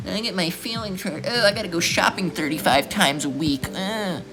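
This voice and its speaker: A man mocking a whiny, pampered, effeminate young man with a high, sneering whine. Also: normal speed, low-quality recording.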